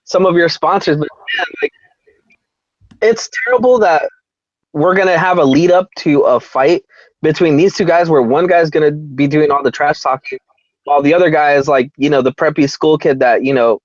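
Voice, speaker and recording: A man's voice: on the high side, normal speed, dry recording, muffled recording. A man co-hosting a sports podcast, chatty, with mocking asides. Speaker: podcast co-host. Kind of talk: casual chat.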